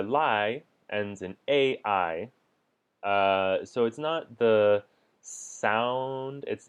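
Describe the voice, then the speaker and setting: A man with a lowish, smooth and clear voice explains language points step by step. He keeps a relaxed teaching manner and lets out small chuckles between examples.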